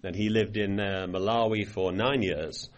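A man's voice: fairly low pitch, steady tone, moderate pace. An older man giving a Bible study sermon, reading scripture aloud with rising emphasis and then commenting in a loose, conversational way with restarts. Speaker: preacher.

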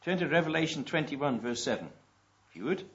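A man preaching a sermon. He reads scripture slowly and with emphasis and asks the congregation rhetorical questions. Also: fairly high pitch, expressive. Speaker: pastor. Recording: dull lo-fi recording.

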